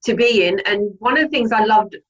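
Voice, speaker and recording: A woman's voice: medium pitch, a little fast, dull audio, a little hiss or hum. Encouraging woman interviewer. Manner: encouraging, affirming. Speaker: host. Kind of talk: interview chat.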